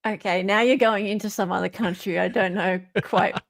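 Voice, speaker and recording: An Australian woman hosting a casual commentary show, chatty and animated, with the odd swear word thrown in. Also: mid-range voice, normal speed, creaky, no room sound, clean studio sound. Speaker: host.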